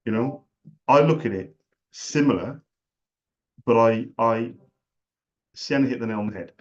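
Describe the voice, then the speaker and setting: A man's voice: medium pitch, measured pace, a little mellow. Earnest man, dull lo-fi sound. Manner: earnest, repeats himself, restarts often. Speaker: small business owner. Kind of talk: casual chat and sales phone call. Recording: dull lo-fi recording.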